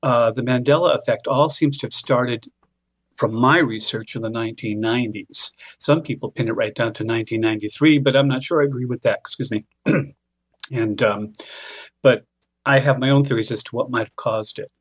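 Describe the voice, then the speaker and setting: A male author answers interview questions in a measured, thoughtful way. His voice is mid-pitched and dry. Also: slightly rough, no echo, dull audio. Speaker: author guest.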